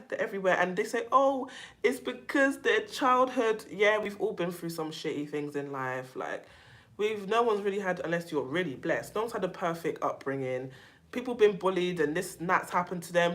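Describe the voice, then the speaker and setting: A woman with a London accent hosting a casual livestream, chatting to viewers and reading their comments, outspoken and animated with frequent laughter and slang. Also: fairly low pitch. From England. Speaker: YouTube livestream host.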